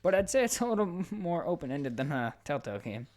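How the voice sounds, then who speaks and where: This man co-hosts a podcast with an easy, casual delivery. He gets worked up quickly and swears freely. His thoughts come out in rapid, excited bursts. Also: fairly high pitch. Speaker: podcast co-host. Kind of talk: casual chat about video games.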